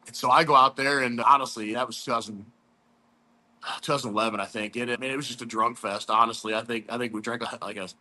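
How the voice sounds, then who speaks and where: Chatty laid-back man, bright voice. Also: mid-range voice, steady tone, fast talker. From St. Louis, USA. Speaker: competition barbecue pitmaster guest. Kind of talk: casual storytelling interview.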